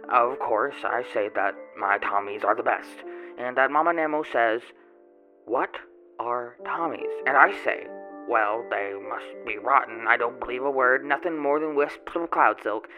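A man's voice: medium pitch, a little slow, narrow, tinny audio, close to an everyday voice. A man playing a boastful, grubby male tomato grower, telling his tale in a rambling folksy way with odd grammar, in a first-person character monologue. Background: music.

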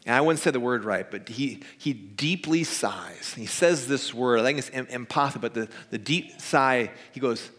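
A man's voice: mid-range voice, moderate pace, few pauses, fairly bright tone. A male pastor giving a conversational sermon that builds to emphatic preaching, often tagging "right?". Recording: reverberant church hall.

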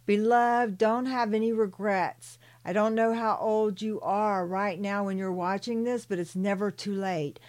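An older woman reads her own spiritual story in a soothing voice, stopping for gentle personal asides to the listener. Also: medium pitch, fairly even intonation. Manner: slow and soothing, calls listeners "beloved". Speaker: author and spiritual channeler.

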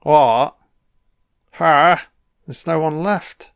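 A man's voice: a little high, very slow, creaky, clear, resonant tone, no room sound, clean studio sound. A British man giving an audio commentary over a film, swearing constantly and heckling the characters on screen.

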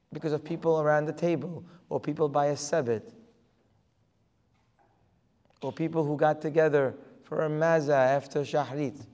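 A man's voice: fairly high pitch, darkish tone. A man giving a religious lecture as a Torah teacher, emphatic and full of rhetorical questions. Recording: long reverb of a hall.

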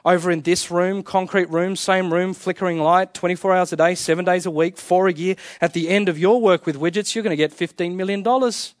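A man's voice: sits high, steady tone, a little fast, few pauses, dry recording, studio quality. A young adult man, preaching a conversational sermon with humor, often repeating and restarting his words. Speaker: pastor.

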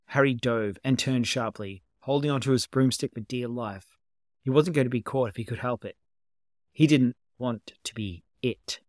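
Narrating fan fiction for an audiobook, an amateur reader at home keeps a steady, calm delivery in a mid-range pitch. His voice is captured dry and up close, with no sense of the surrounding room.

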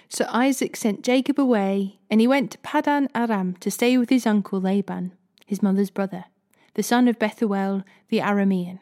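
A woman reading scripture aloud in a steady, expressive way. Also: medium pitch, normal speed. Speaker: Bible reader.

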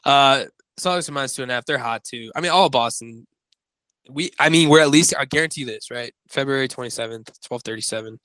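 A man's voice: mid-range voice, brisk, bright, forceful tone, clean tone, no room sound, poor audio. A man co-hosting a casual podcast, rambling and correcting himself as he talks through his picks. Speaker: podcast co-host. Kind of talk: casual sports-betting chat.

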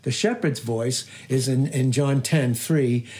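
A pastor with a mid-range, darkish voice takes his sermon slowly, pressing key phrases again and again and posing rhetorical questions. A little hiss or hum sits under the recording.

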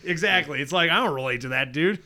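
Bright, lively man co-hosting a chat. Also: on the high side, quick pace. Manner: excitable, laughs often, reads notes aloud. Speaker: podcast co-host. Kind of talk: casual chat about a cartoon series.

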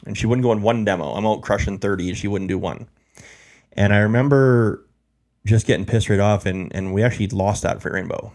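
A man's voice: fairly low pitch, fairly quick, darkish tone. A man telling his life story as an interview guest, rambling with lots of fillers and repeats.

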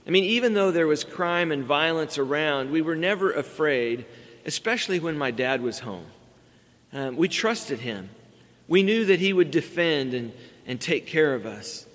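A man's voice: on the high side, lively intonation, normal speed, a bit bright. A middle-aged man preaching a sermon as pastor, earnest and building emphasis on key words. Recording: long reverb from a large hall.

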